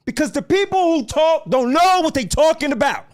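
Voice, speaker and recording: A man delivers a heated, profanity-laced solo rant to his listeners. His voice sits very high and leaps up and down as he lectures. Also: expressive, normal speed. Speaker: podcast host.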